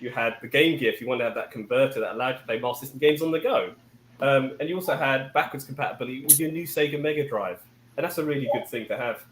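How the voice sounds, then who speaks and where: Quick-talking man, roomy echo. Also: mid-range voice, a bit bright, slight background noise. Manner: eager, explains hardware at length. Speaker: panelist. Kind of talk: casual panel chat.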